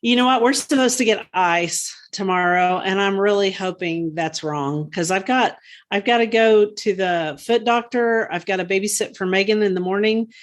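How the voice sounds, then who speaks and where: A woman co-hosts a podcast, chatting casually in a talkative, rambling way with frequent laughs and fillers. Her voice is mid-range, and she speaks at a normal speed.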